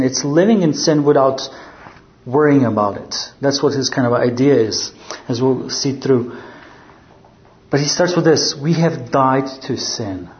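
A man preaching a measured, explanatory verse-by-verse sermon, often posing rhetorical questions. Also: mid-range voice, reverberant, dull audio.

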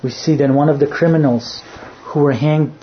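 A man preaching a sermon, earnest in tone, dropping to a hush when he quotes. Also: on the high side, fairly even intonation, moderate pace. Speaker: pastor. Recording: dull lo-fi sound, faint background noise.

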